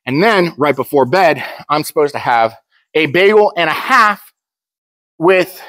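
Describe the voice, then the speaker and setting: A man's voice: a little high, lively intonation, unhurried, a bit bright, no room sound. A young man talking casually to camera, blunt and joking, rambling with frequent restarts. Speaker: powerlifter vlogger.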